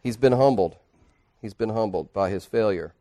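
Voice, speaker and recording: A man pastor preaching a sermon in church, earnestly, dropping to quiet asides and rising to emphatic points. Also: on the low side, normal speed. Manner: earnest preaching, swinging between hushed and emphatic.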